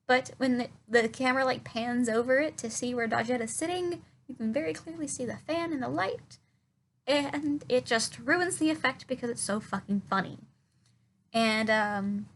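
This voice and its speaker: Sarcastic woman reviewer with a profane recap delivery and a bright, slightly high voice. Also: slight background noise. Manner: sarcastic, profane, mocking movie dialogue in silly voices. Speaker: film reviewer. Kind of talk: casual comedic film recap.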